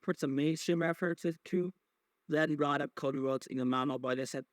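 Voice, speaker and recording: A man's voice: fairly high pitch, a little fast, dry recording. A man hosting a podcast, recapping wrestling in a casual, rambling way, swearing freely and filling gaps with many fillers and restarts. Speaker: podcast host.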